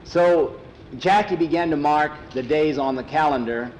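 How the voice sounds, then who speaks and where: A man telling a story aloud in a plain, unhurried, homespun way. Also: a little high, darkish tone, a little hiss or hum, rough recording. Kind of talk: oral storytelling.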